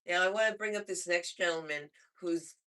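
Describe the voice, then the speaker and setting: A man hosts a stand-up comedy night, talking in a loose, rambling way between acts. His voice has a bright, forward edge. He sounds like he is on a club stage mic. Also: high-pitched, a little fast, clean tone. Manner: loose, rambling, lively delivery. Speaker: comedy show host. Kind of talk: stand-up emcee patter.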